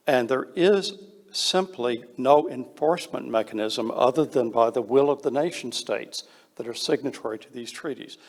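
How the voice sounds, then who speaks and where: A man's voice: mid-range voice, long reverb tail. A man speaking on a panel, blunt and emphatic, with frequent hesitations. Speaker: panel speaker on space law. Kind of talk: panel discussion.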